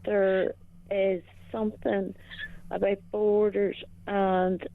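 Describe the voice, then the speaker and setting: A woman from Northern Ireland with a Northern Irish accent, calling in and speaking in a hesitant, halting way. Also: medium pitch, flat delivery. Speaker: caller. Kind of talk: casual phone-in chat. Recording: tinny phone line.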